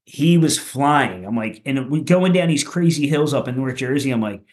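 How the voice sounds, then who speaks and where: A man from Philadelphia, a punk rock musician, telling loose, profane stories on a podcast, with lots of filler and a voice that jumps higher at the funny parts. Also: moderate pace. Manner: loose and profane, with many "like"s and "you know"s; animated, goes higher when telling funny bits. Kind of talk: casual podcast storytelling.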